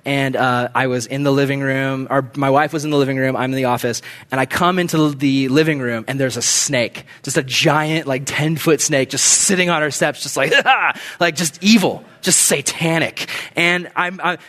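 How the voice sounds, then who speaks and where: A young man preaching a casual sermon, telling stories in an animated, conversational way with slangy asides. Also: medium pitch, moderate pace, few pauses.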